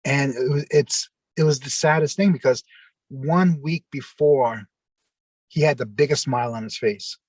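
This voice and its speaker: Halting New man telling stories. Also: medium pitch, darkish tone, no room sound. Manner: rambling, halting, many restarts. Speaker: interview guest. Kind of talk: casual storytelling.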